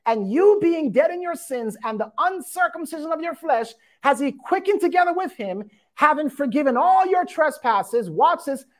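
A woman preaching a sermon, reading scripture aloud and explaining it, with frequent emphatic asides. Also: high voice. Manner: emphatic, repeats "watch this".

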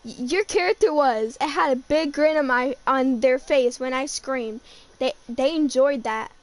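A woman's voice: high voice, a little slow. A woman giving live commentary on a horror game, jumpy and stammering, full of exclamations. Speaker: gamer streaming a horror ride.

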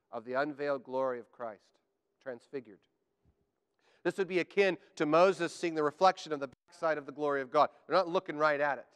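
A man preaching a sermon to a congregation, animated and joking, building up to emphatic declarations. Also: on the high side, clear, resonant tone. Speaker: pastor. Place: church sanctuary. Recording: church hall with long reverb.

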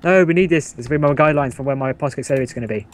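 A man chatting over a voice call while playing a game, relaxed and quick to laugh. His voice sits at an ordinary middle pitch. He rambles casually about whatever comes up. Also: a little hiss or hum. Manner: laid-back, laughs often, easily amused. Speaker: gaming co-player. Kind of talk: casual gameplay banter. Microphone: voice call mic.

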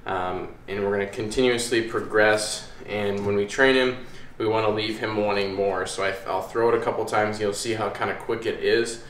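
Relaxed man explaining in an echoey room. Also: on the low side, normal speed, few pauses. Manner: easygoing, rambling with fillers. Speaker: dog trainer, channel host. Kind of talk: casual how-to explanation. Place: indoors at home by a hallway. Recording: echoey room, faint room noise.

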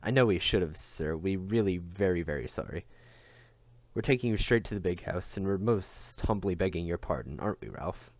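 A man's voice: low voice, lively intonation, moderate pace, darkish tone, dry recording, highs cut off. A man doing a snarling farm patrolman. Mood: placating. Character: gruff menacing male farm patrolman.

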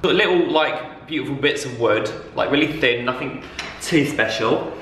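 An excitable young man chats through a craft project, getting loud and carried away. His voice sits at an ordinary pitch. The room rings with echo under a faint hiss. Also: moderate pace. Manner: excitable, loud, over the top. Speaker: vlogger. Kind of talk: chatty DIY vlog.

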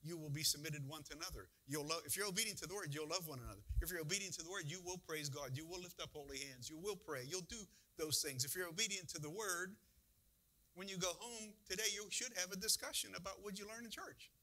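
A male pastor preaches in a church, talking to the congregation in a conversational way and asking many rhetorical questions. His voice sits a little high and sounds bright and forceful. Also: quick pace. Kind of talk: sermon.

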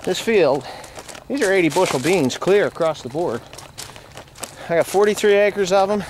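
A furious farmer with a New Jersey accent rants out in his soybean field, swearing constantly. His voice sits a little high for a man. Light outdoor noise runs faintly under the handheld recording. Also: expressive, normal speed. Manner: furious, profane ranting. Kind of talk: angry vlog rant.

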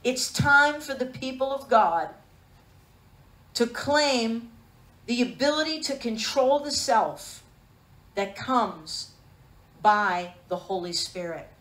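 A woman's voice: on the high side, animated, takes it slowly, pauses often, fairly bright tone. Echoey emphatic woman preacher. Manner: emphatic, calls for amens, rhetorical questions. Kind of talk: sermon.

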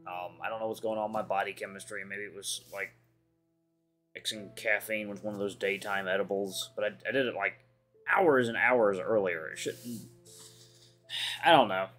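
A man hosting a late-night let's play at home, talking in a hushed, rambling way so his roommates can sleep. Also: on the low side, moderate pace, soft background music. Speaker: gaming channel host.

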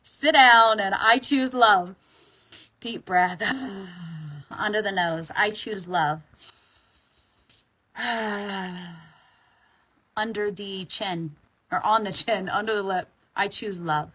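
A woman's voice: medium pitch, a little slow, bright, forceful tone, rough recording. A woman guiding an EFT tapping session, talking informally, sighing on the exhales and sometimes pressing hard for emphasis.

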